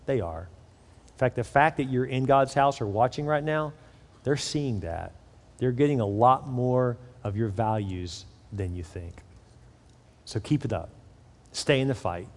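A middle-aged male pastor delivering a sermon, telling animated stories and then dropping to a soft prayerful voice. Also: mid-range voice. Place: large church auditorium. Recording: long church hall reverb with faint music.

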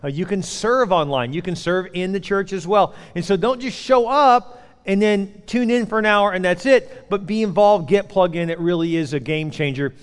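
A man in his forties preaching a sermon as pastor, animated and acting out voices while he tells stories. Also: sits high, moderate pace, smooth. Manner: animated storytelling, acts out voices. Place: church auditorium. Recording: long hall reverb.

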